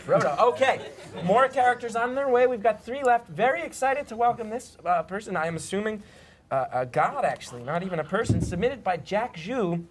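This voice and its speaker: A man's voice: high-pitched, animated, a little fast, noisy background. A man hosting a live comedy show, flustered and stammering through apologies. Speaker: host. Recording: loud studio audience.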